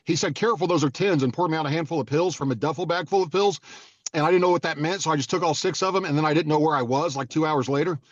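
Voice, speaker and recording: Podcast co-host, male, rapid deadpan storyteller, dull dry sound. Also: on the high side, no echo. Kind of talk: casual podcast chat.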